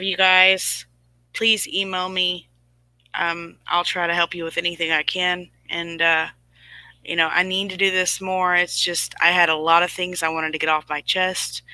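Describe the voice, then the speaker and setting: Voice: medium pitch, bright, forceful tone, clean tone, no room sound, rough recording. A host in their forties giving a rambling, emphatic livestream talk and answering viewers' chat comments through a webcam or phone mic. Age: 40s.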